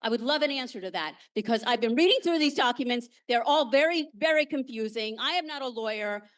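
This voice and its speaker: A woman's voice: fairly high pitch, expressive, fairly quick. A woman giving an agitated, emphatic public comment at a town meeting, repeating her points.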